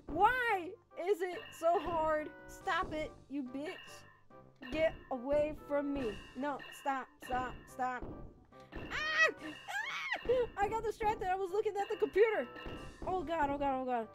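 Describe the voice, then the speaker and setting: A woman with a high voice streams a video game live, reacting aloud to the action and talking with her viewers. She speaks at an unhurried pace into a desk microphone. Faint game music plays behind her. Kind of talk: live gaming stream chat.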